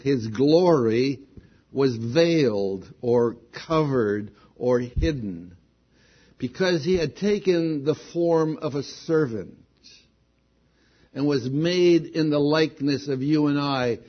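Slow, husky male preacher on lo-fi tape. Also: medium pitch. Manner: slow, deliberate preaching that swells with excitement on key points. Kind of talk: sermon. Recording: dull lo-fi recording.

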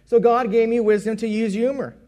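A man with a noticeably high voice delivers a sermon built around his own testimony. He tells it like a conversation, restarting and correcting phrases as he goes. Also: steady tone, fairly quick, warm tone. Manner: conversational storytelling with self-corrections. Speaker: preacher.

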